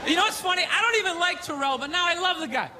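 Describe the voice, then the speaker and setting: A male stand-up comedian performing a sarcastic, ranting set on a theater stage, often breaking into shouts. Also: very high voice, lively intonation, fast talker, over a noisy crowd. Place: theater stage before a live audience. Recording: live theater recording with audience laughter and noise.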